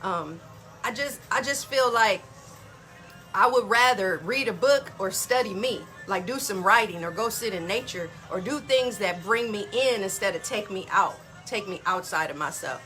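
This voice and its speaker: Bright-voiced woman, chatty and folksy. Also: medium pitch, expressive, normal speed, soft background music. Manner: chatty, addresses listeners as y'all. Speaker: wellness podcast host. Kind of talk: casual motivational talk.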